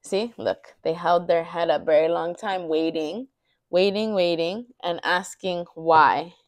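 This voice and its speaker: Woman, low-pitched, tarot reader, casual rambling monologue, fillers, dry close mic. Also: fairly even intonation, measured pace, dry recording. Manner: rambling, thinking aloud with many fillers. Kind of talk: intuitive card reading, casual monologue.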